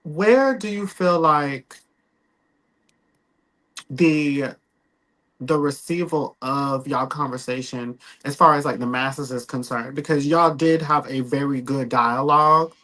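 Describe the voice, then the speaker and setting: A man's voice: medium pitch, slow pace, pushed and bright, rough recording. A man co-hosting an interview, asking probing questions in a hesitant way with many ums. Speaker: podcast co-host.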